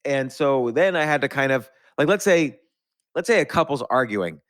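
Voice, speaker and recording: A man's voice: medium pitch, lively intonation, normal speed, fairly bright tone, no echo, clean studio sound. A middle-aged man hosting a podcast, telling long rambling anecdotes with restarts and laughs. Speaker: podcast host. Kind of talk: storytelling in conversation.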